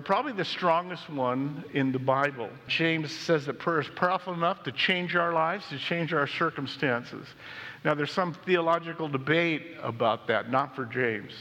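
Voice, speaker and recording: A pastor preaches with a bright, forward tone that carries well. His words trail off into a long hall echo. He reads scripture and tells stories with lively swings between loud and hushed. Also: on the high side. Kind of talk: sermon with storytelling.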